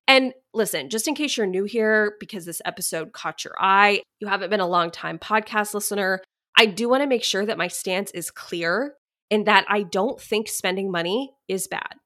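A woman's voice: mid-range voice, moderate pace, a bit bright. Chatty young woman podcast host. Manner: chatty and upbeat, with many "like"s. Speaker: podcast host and money coach. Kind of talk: solo podcast monologue.

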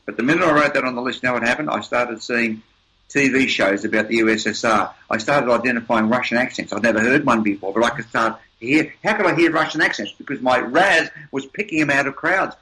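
A man's voice: mid-range voice, quick pace, bright, forceful tone, rough recording. An older man, an interview guest, telling motivational stories in an emphatic, upbeat way with repeated words. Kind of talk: motivational storytelling.

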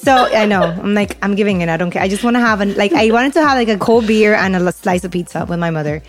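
A woman's voice: mid-range voice, quick pace. A young woman co-hosts a casual podcast and tells her story in a loose, rambling way. She leans on "like" and "you know" as she talks. Faint music plays underneath. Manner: chatty, storytelling with lots of "like". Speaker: podcast co-host. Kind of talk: casual chat.

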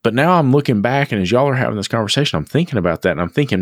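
A man's voice: mid-range voice, animated, racing, few pauses, no echo, studio quality. A man co-hosting a podcast, telling a long personal story in a reflective, repetitive way. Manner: reflective storytelling, repeats words as he thinks. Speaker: podcast co-host. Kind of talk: casual podcast chat.

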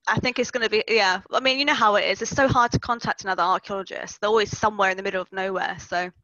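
Woman, archaeologist guest, casual chat, bright clear tone, dull lo-fi sound. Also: mid-range voice, steady tone, very fast, no room sound. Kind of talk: casual conversation.

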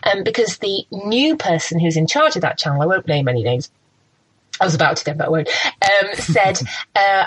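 Lively, expressive woman. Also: fairly low pitch, normal speed, husky, no room sound, low-quality recording. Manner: very expressive, animated, laughs often. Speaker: radio and TV presenter. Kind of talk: casual storytelling interview.

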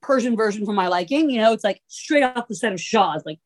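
A woman's voice: medium pitch, animated, fairly quick. A woman co-hosting a podcast, telling a rambling, comic story in casual chat, full of "like" and swearing. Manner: profane, filler-heavy valley-girl talk. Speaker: podcast co-host.

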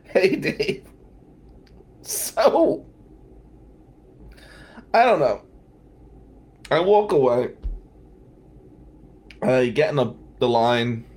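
A man's voice: medium pitch, expressive, slow pace, pauses often, a little mellow. A man from New Jersey, a defense lawyer, telling a wry, self-mocking story in a casual podcast chat.

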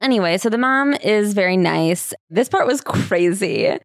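A young woman co-hosts a comedy podcast with a wry, incredulous delivery and reads passages aloud. Her pitch is mid-range, and the dry recording has no audible room. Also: expressive, measured pace, vocal fry, no room sound. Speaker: podcast co-host. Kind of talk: casual comedic recap chat.

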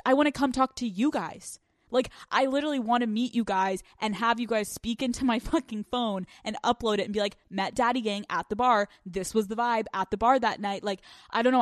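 A woman hosting a podcast in casual chat, excitable and profane, jumping between loud outbursts and low mutters. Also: no echo, studio quality. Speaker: podcast host.

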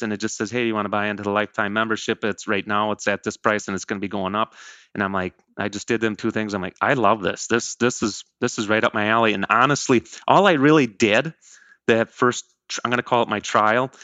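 A low-voiced man around fifty talks through his story in a casual interview, earnest and rambling, stopping to correct himself. His tone is bright and forceful but smooth, and the recording is dry and close. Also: no echo. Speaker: program member.

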